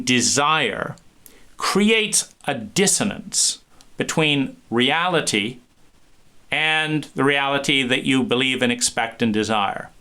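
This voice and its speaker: A man giving an animated talk, acting out small scenes and restarting phrases often. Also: on the high side, smooth. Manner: animated, acts out little scenes with many restarts. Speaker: speaker. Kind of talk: lecture.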